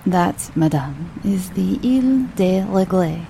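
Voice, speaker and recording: A woman voicing a grave middle-aged male Breton innkeeper who speaks slowly and sinks into hushed whispers. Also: lowish voice, expressive, creaky, slight background noise, full character voice, poor audio. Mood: solemn. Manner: slow, solemn, drops to a whisper.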